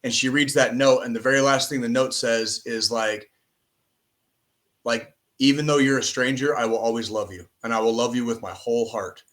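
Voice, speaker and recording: A man from the United States delivers an emphatic podcast monologue at a middle pitch. His talk is heavy with swearing and driven home with constant "okay?" and "all right?" checks. The delivery stays forceful from start to finish. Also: steady tone, normal speed. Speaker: podcast host.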